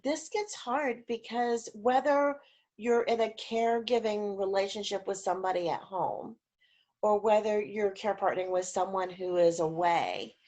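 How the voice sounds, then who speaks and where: A woman speaking over a video call at a middle pitch. She talks informally about caregiving, chatty and full of fillers. She stops now and then to act out little vocal examples. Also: steady tone, normal speed, darkish tone. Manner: demonstrative, acts out voice examples.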